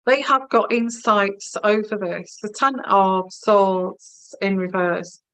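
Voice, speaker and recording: A woman's voice: medium pitch, steady tone, slow, a bit bright, no echo, poor audio. A woman giving a live-streamed tarot reading, musing and hesitant, with many fillers and restarts. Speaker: tarot reader.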